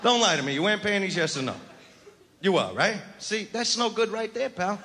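A man's voice: high-pitched, big pitch swings, fairly quick, slight background noise. A man doing a crude, swaggering stand-up routine, taunting people in the front row of a large theater. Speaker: stand-up comedian. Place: large theater with a live audience. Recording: 1989 concert recording with loud crowd.

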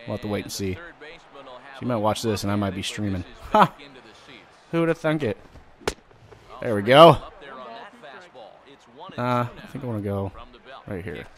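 Dude doing let's play commentary, loud and vulgar, gets excited and rambles. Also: male voice, on the low side, normal speed, pauses often, a crowd in the background. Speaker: gaming channel host.

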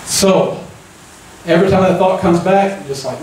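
Guy preaching, kinda high voice, chatty, keeps asking amen, big echo from far off in a church. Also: moderate pace, darkish tone, a little hiss or hum. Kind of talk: conversational sermon. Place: church sanctuary. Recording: echoey church room, mic at a distance.

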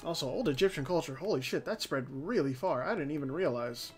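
A man with a fairly high voice hosts a relaxed let's-play of a strategy game. He thinks out loud, swears often and trips over his own sentences. Soft music plays quietly underneath. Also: brisk. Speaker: host of a strategy game channel. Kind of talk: casual let's-play commentary. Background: faint background music.

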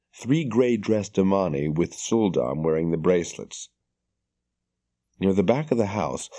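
A man reading a fantasy audiobook in scripted narration, measured and steady. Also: low-pitched.

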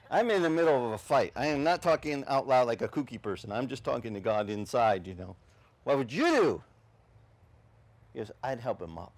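Male pastor, lively storytelling sermon voice, swings wide in pitch, middle register. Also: normal speed. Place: beach service outdoors.

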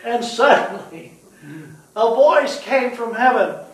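A man with a notably high voice preaches in a lively, bantering way, coaxing the congregation to call out answers. He is picked up from a distance, and the room rings with echo. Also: slow, a little hiss or hum. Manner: lively, prompts the congregation to answer, joking asides. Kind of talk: sermon with call-and-response.

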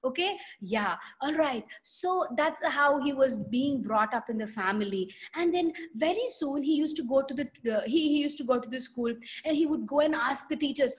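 A woman with a high voice leads a children's lesson over a video call. She tells a story and stops often to quiz the kids. She acts out the voices of the people in it. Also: moderate pace, few pauses. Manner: animated, asks children questions and acts out voices. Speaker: children's Sunday school teacher.

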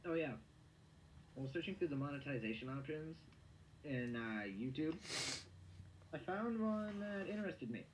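A young man hosting a web show, chatting casually and stammering through quick restarts while he plays a game on a home mic. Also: a little high, animated, a little hiss or hum, low-quality recording. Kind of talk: casual gameplay commentary. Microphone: home mic that drops in level.

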